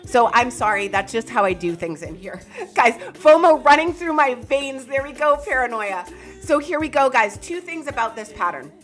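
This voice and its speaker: High, bright, excitable woman streamer. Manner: excitable, loud, talks to viewers by name. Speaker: crypto market streamer. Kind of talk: live chart analysis stream.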